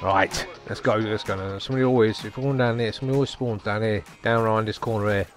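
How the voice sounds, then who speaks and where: A man giving live gameplay commentary, excitable and taunting his opponents, dropping to mutters and jumping to yelps. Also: fairly low pitch, fast talker, faint music behind. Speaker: gamer.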